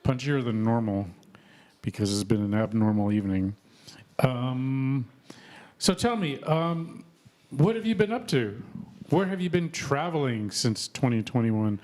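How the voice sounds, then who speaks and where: A man's voice: medium pitch, animated, a little slow, a little mellow. A man in his fifties, originally from Texas, hosting a casual live-stream interview. He talks in a chatty, punchy way and laughs often. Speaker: host.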